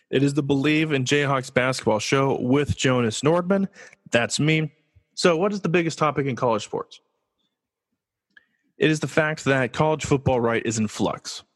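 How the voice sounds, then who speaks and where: Man, sports talk host, casual and joking, mid-pitched voice, reverberant room. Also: a little slow, long pauses. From Los Angeles, USA. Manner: casual, joking, lively with rhetorical questions. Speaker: podcast host. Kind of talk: solo sports talk show.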